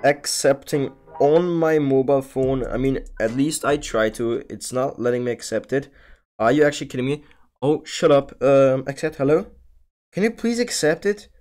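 A man's voice: mid-range voice, moderate pace, a little mellow, faint music behind. A young man streaming online gambling, talking casually to viewers, often pleading and swearing in exasperation.

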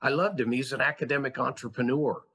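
A man's voice: medium pitch, fairly even intonation, quick pace, sharp tone, slightly rough. A man who founded a school, a guest on a podcast, telling his story in an earnest, passionate, reflective way. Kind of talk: conversational storytelling.

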